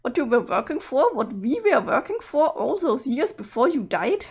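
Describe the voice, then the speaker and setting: A woman's voice: high-pitched, sing-song, moderate pace, a little mellow, breathy edge, exaggerated voice. A woman voicing a guilty, exasperated young woman. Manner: apologetic, then impatient and pleading. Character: guilty, exasperated young woman trying to calm her other self. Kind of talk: dramatic reading of a webcomic.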